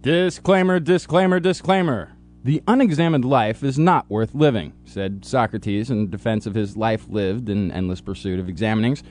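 A man's voice: on the low side, normal speed, few pauses, a little mellow. A man co-hosting a college radio science talk show, joking and reading with playful drama. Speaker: co-host.

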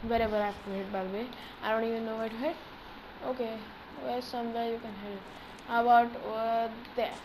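A gaming channel host giving excitable live commentary on his own play, talking to himself as he goes. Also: mid-range voice, brisk, background noise. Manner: excitable, talks to himself while playing.

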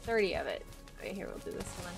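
A woman's voice: mid-range voice, sing-song, fast talker, vocal fry, music in the background. A woman live-streaming a game, thinking aloud in a chatty, playful, teasing way. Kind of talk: live-stream gameplay chat.

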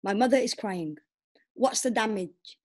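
A young woman performing spoken word poetry in a steady, plainspoken storytelling way. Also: fairly high pitch, a little slow. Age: young adult. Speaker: poet.

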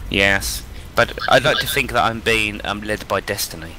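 Guy gaming with mates, bright voice, goofy, a little noise behind. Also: fairly low pitch, moderate pace. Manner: joking, playful. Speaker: gamer. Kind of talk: casual gaming chat, reading quest text aloud.

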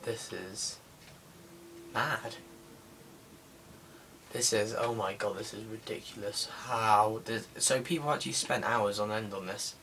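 A young man who creates gaming videos mutters and grumbles unenthusiastically through casual commentary on his play. His voice is lowish and steady yet bright and forceful, at a measured pace with frequent pauses. The mic is distant, music plays behind, and there's slight background noise.

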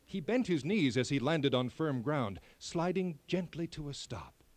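A man narrating a children's fairy tale in an expressive storybook reading. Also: a little high, unhurried, no room sound.

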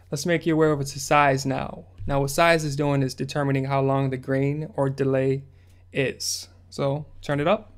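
Laid-back man with a flat, even voice. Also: mid-range voice, a little slow. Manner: laid-back, slangy, step-by-step instructions. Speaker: music production tutorial host. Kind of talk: casual screen-recorded tutorial narration.

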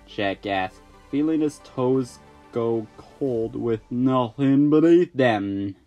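An audiobook narrator reading a fantasy chapter in a wry, unhurried way, with a faint music bed behind. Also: medium pitch, lively intonation, warm tone, highs cut off. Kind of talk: storybook narration.

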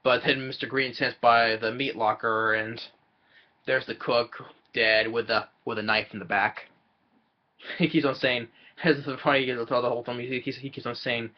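A man casually retelling a film's plot in a rambling, halting way, with many fillers and chuckles. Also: mid-range voice, steady tone, dull audio. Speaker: film reviewer.

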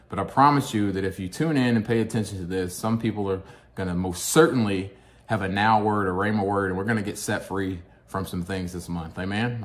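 Earnest Kentucky man preaching, low voice. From Kentucky, USA. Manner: earnest, peppered with "amen?" and "right?". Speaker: guest speaker, psychologist. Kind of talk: sermon-style teaching.

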